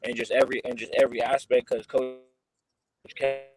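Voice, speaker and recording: A teenage boy answering interview questions in a laid-back, halting way, with many restarts. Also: mid-range voice, level tone, over music, low-quality recording. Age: teens. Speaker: guest, high school football recruit.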